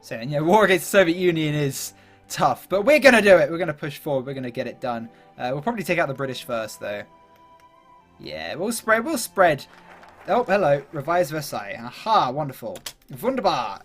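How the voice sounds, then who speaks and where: With a high, sing-song voice at a fairly quick pace, this gaming YouTuber plays a strategy game as faint music runs underneath. He keeps up casual chatter, thinking out loud with many fillers and laughing at himself.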